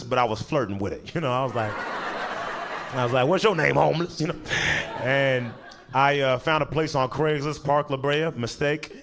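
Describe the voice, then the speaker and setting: Brief: young male stand-up comic, lively swooping delivery, laughs through his own punchlines. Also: medium pitch, noisy background. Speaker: stand-up comedian. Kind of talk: stand-up storytelling.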